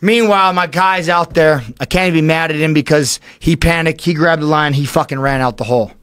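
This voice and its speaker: A man's voice: a little high, brisk, a bit bright, smooth, dry recording. Male podcast guest, intense profane storyteller, dry mic sound. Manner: profane, breathless retelling of a panic.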